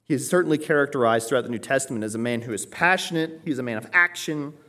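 A man's voice: medium pitch, fast talker, pushed and bright. A man preaching an expository sermon, emphatic and explanatory, often checking in with "right?" and raising his voice when acting out quoted pleas. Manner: emphatic teaching, frequent "right?" check-ins. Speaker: pastor.

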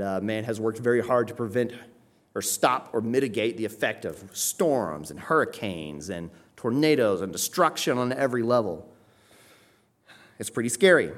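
A man preaching an expository sermon, explaining a passage and often checking in with his listeners. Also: mid-range voice.

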